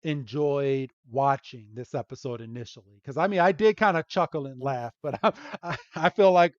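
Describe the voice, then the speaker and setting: A man's voice: mid-range voice, moderate pace, dry recording. A man hosting a podcast, recapping a cartoon episode in a loose, rambling way and chuckling often. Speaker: podcast host. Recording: dull lo-fi dry sound.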